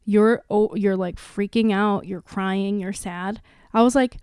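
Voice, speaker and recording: Woman podcast host, 30s, mid-pitched, tells stories candidly, dry close-mic sound. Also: moderate pace, smooth, no room sound. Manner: candid, animated storytelling with many restarts. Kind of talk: casual podcast chat.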